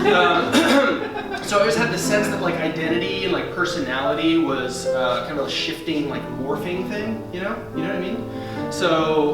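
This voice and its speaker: A man performing a solo comedy show, mock-excited and self-deprecating with halting delivery. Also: a little high. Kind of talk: stand-up style solo show. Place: theater stage. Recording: echoey stage from far off with music.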